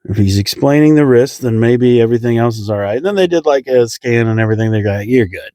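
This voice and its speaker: A young man tells a comic story at his own expense, voicing the others with sudden squeaky jumps. His tone is mellow and relaxed, and the recording is dry and close. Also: quick pace, dry recording. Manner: self-deprecating, acts out voices with big pitch jumps. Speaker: comedian telling a story. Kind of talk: comedic storytelling.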